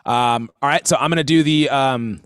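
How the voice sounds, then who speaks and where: A man's voice: mid-range voice, moderate pace, a bit bright, clean tone, dry recording, clean studio sound. A man giving a casual live-streamed drum lesson, rambling and easygoing, with lots of fillers. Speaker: drum teacher.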